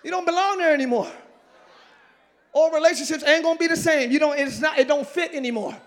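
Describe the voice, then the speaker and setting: Preaching a lively sermon in a large church sanctuary before a congregation, a male pastor with a very high-pitched, brisk voice swings between loud shouted lines and quiet joking asides, breaking into ecstatic exclamations.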